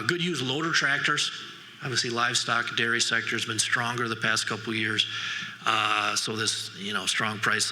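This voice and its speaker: Middle-aged man, keynote speaker, folksy rambling storyteller, bright forceful voice, long hall reverb. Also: medium pitch. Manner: folksy storytelling with frequent asides and restarts. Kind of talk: conference keynote talk. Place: large conference hall.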